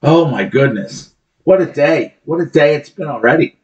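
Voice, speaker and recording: A man's voice: on the high side, expressive, normal speed, a little mellow, highs cut off. A man co-hosting a podcast in casual chat, with a dry, blunt manner and profane asides. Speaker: podcast co-host.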